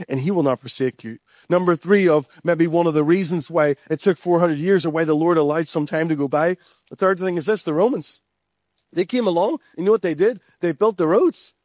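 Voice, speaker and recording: A man's voice: a little high, darkish tone, dry recording, studio quality. A man preaching a sermon, speaking earnestly, repeating phrases and addressing the church directly. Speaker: pastor.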